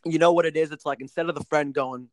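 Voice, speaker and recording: Young man, high voice, rambling and profane, casual podcast banter, dry close sound. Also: steady tone, fast talker, dry recording, rough recording. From New Jersey. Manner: loose, rambling, heavy on filler words and swearing. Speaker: podcast co-host.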